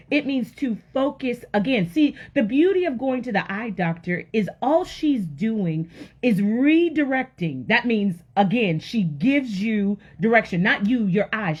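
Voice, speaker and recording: Her husky, medium-pitched voice carries an emphatic, conversational faith message to women, with repeated words for emphasis and direct appeals to the audience. The sound is lo-fi.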